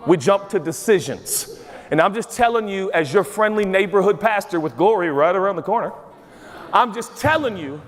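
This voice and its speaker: A male pastor preaching a sermon to a congregation, lively and quick to act out voices for comedic emphasis. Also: sits high. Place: large church auditorium with a congregation. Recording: long reverb of a large church hall.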